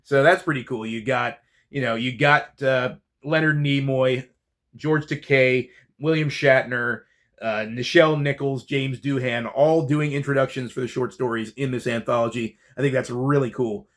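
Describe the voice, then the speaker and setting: A man's voice: medium pitch, steady tone, normal speed, a bit bright. Enthusiastic chatty man showing books. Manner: enthusiastic, chatty, with fillers and restarts. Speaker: book channel host. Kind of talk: casual book haul vlog.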